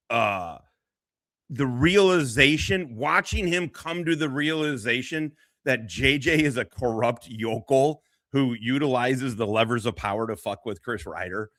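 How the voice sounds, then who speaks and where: Rambling, foul-mouthed male streamer reacting to clips, bright, edgy voice recorded close and dry, laughs a lot as he talks. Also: mid-range voice, no room sound. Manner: rambling, crude, laughing often. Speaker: commentary streamer. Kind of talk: profane reaction commentary.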